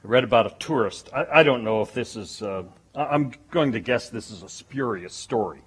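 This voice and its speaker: Slow, husky, animated male preacher. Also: medium pitch. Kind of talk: sermon.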